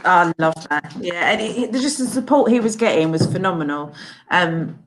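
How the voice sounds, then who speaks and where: A woman's voice: lowish voice, lively intonation, moderate pace, poor audio. A woman from a charity chatting on a video call, enthusiastic and full of praise. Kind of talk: casual chat on a video call.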